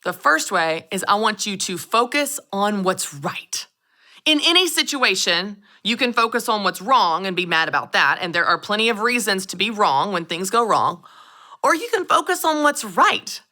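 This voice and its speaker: A woman's voice: medium pitch, very animated, normal speed, sharp tone. A woman, giving a motivational talk to camera as a show host, telling stories animatedly and addressing the audience directly. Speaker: show host and business coach.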